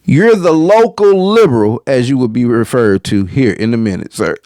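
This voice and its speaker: A man's voice: mid-range voice, expressive, moderate pace, a little mellow, dry recording. A man hosting a reaction video, commenting casually on a clip in a slangy, profane way.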